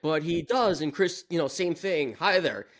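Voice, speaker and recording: A man hosting a podcast, telling a travel story in casual chat, lively and laughing as he goes. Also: fairly high pitch, moderate pace. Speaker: podcast host.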